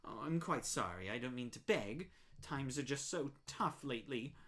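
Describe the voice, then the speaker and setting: A woman voicing a greedy spider baker woman who sweetly calls everyone dearie, with a low hushed menace under the sugar. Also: lively intonation, moderate pace. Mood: pleading.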